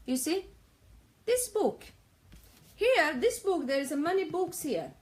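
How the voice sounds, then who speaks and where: A woman's voice: extremely high pitch, big pitch swings, slow pace. A woman from Somalia, speaking English as an in earnest, pleading live-stream commentary, often repeating herself.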